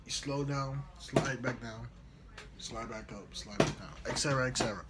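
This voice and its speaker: A young man vlogging, retelling a trip in slangy, animated casual storytelling. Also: mid-range voice, normal speed, background noise.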